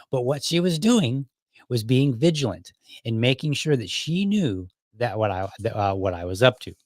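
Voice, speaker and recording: Speaking at medium pitch with no echo, a middle-aged podcast host from Ohio, United States, delivers a loose storytelling monologue about growing up. He wanders, corrects himself along the way, and acts out what people said.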